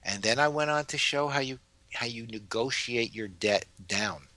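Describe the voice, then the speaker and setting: A man, giving advice as a guest in a casual interview and telling stories with lively energy. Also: medium pitch, normal speed, dry recording. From New York. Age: 70s. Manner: animated storyteller. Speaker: guest author.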